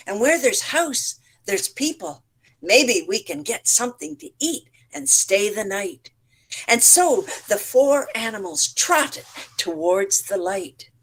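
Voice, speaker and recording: A woman storyteller telling a folk tale to teachers in an online session, with lively animal sounds. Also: mid-range voice. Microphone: online session mic.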